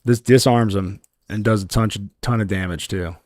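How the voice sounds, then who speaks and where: Male game streamer, easygoing chat, lowish voice, dry close recording. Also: normal speed, no echo. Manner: relaxed, talks to chat while playing; yells with excitement at lucky loot drops. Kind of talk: casual gameplay livestream chat.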